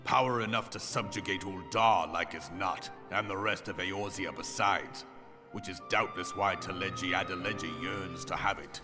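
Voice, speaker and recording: An actor playing a grave, learned male elder in a game cutscene, speaking in formal archaic phrasing with a measured delivery. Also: low voice, music in the background, natural voice. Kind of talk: video game cutscene voice acting.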